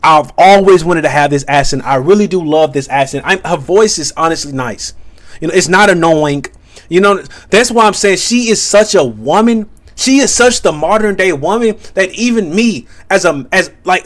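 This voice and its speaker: A man's voice: high-pitched, lively intonation, moderate pace, fairly bright tone. A man hosting a reaction video, talking in a rambling, casual way with lots of fillers and swearing. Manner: rambling, profane, many fillers.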